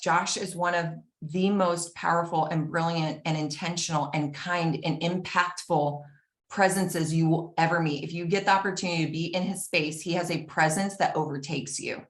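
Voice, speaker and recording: Woman, earnest personal storytelling, acts out dialogue, lowish voice, echoey room. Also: fairly bright tone.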